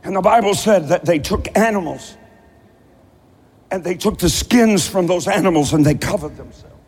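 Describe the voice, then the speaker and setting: A man's voice: high voice, moderate pace, darkish tone, slightly rough. Preaching man in an echoing hall. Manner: storytelling, conversational preaching. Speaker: pastor. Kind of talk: sermon.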